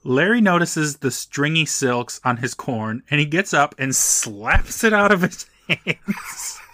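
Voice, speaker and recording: A man's voice: on the high side, animated, takes it slowly, pushed and bright, no echo, studio quality. A man co-hosting a podcast, wryly recapping a TV episode and laughing often as he talks. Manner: wry, laughs often, acts out quotes. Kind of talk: casual chat, recapping a TV episode.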